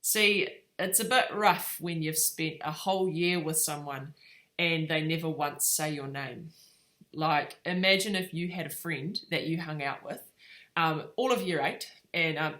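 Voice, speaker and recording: A woman with a slightly low voice gives a relaxed devotional talk, speaking as a mother. She tells a family story with plenty of ums and uhs. The tone stays informal and conversational. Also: a little slow.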